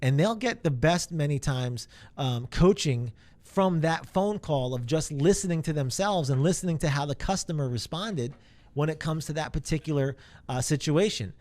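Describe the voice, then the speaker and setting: A man's voice: on the high side, lively intonation, normal speed, a little mellow. A man giving an informal sales training talk in a rambling, conversational way, full of fillers.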